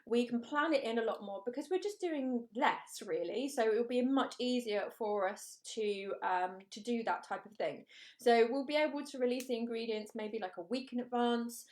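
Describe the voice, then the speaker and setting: Casting: a woman, fairly high voice, hosting a live cook-along, chatty and upbeat. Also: moderate pace. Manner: chatty, upbeat, reads out viewer comments. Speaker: cooking show host.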